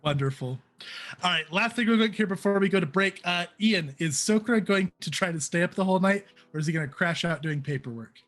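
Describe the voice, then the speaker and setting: A man's voice: high voice, expressive, brisk, fairly bright tone. A man narrating as game master in an easygoing, playful way.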